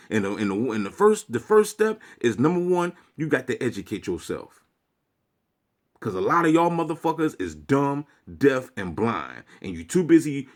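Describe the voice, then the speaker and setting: A man delivering a preachy, profanity-laced rant to his viewers as a vlogger. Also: mid-range voice. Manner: preachy, swearing, lecturing.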